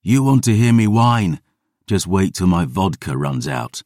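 A man voicing a gruff, sardonic hero in an audiobook, grumbling and sarcastic. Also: low-pitched, big pitch swings, unhurried, darkish tone, no room sound, clean studio sound, exaggerated voice. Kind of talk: audiobook character reading.

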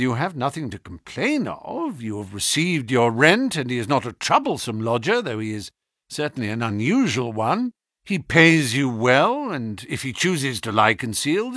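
A man voicing Sherlock Holmes, a keen and sharp-minded detective who speaks in a measured, probing and lecturing way, in an audiobook reading. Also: on the high side, no echo, studio quality, pitched above the performer's own voice.

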